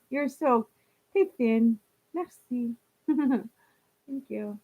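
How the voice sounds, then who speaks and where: A woman chatting casually on a live stream, reading viewer comments aloud and laughing often. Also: a little high.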